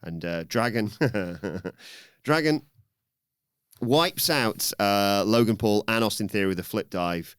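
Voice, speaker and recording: A man co-hosting a podcast, recapping a wrestling show in an animated way and acting out the lines in raised voices. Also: lowish voice, slow, clean tone, no echo, clean studio sound. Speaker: podcast co-host.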